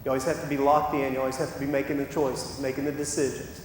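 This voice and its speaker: A man's voice: level tone, fast talker. A man preaching a sermon as pastor, impassioned and given to acting out what people say. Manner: impassioned, acts out quoted voices. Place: church sanctuary. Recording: echoey church hall with rumble.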